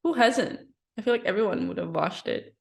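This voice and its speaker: Twenties woman podcast co-host, relaxed, agrees a lot, mid voice. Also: medium pitch, vocal fry. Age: 20s. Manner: easygoing, agreeable, quick to laugh. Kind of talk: casual chat.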